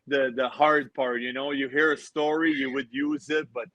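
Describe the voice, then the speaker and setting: A man's voice: medium pitch, fairly even intonation, normal speed, over a noisy crowd, rough recording. A man in his forties, a former pro hockey player, telling laughing anecdotes as a podcast guest. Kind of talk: casual podcast storytelling.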